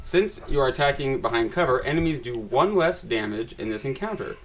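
A man's voice: mid-range voice, expressive, a little fast. A man reads the story text of a tabletop game aloud to friends around the table. His narration turns dramatic at the tense moments. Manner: dramatic narration, laughs at himself.

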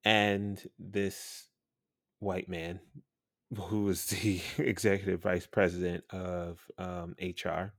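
A man's voice: low-pitched, flat delivery, slow, no room sound, studio quality. A man hosting a podcast, telling a story in a blunt, profane, chatty way and laughing now and then. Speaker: podcast host and radio personality.

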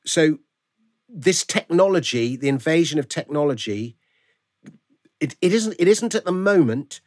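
Animated man on a video call. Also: a little high, a little slow. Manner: animated, restarts phrases often. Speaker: interview guest, author. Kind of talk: conversational interview.

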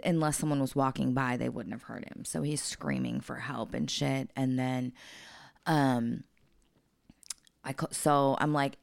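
Low, gravelly-voiced woman telling a story. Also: a little slow, no echo, studio quality. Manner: profane, blunt storytelling. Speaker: podcast co-host. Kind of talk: casual storytelling chat.

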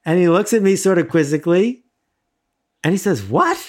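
A middle-aged man from the United States telling a self-deprecating personal story in a casual, animated way, laughing often. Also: sits high, brisk. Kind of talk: casual anecdote, conversational storytelling.

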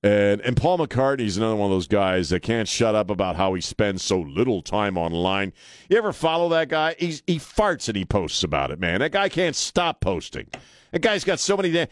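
Brief: male talk radio host, blunt and sarcastic, animated pitch, dry studio sound. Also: dry recording.

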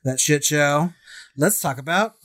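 A man co-hosting a podcast in casual chat, telling stories with lively acted-out quotes and frequent laughter. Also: fairly high pitch, unhurried. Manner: animated storyteller, acts out quotes, laughs often. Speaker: podcast co-host.

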